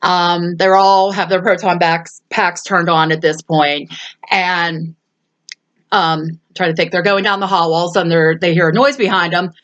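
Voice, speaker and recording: A woman hosts a casual movie recap, retelling scenes, laughing often, and acting out the quoted lines. Her voice is on the low side and steady, at a moderate pace and a bit bright, though the audio is dull.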